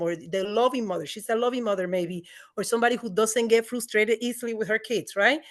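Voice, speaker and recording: A woman panelist on a video call who explains her ideas in an earnest, reflective way. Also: medium pitch. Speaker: panelist, coach. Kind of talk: webinar panel discussion.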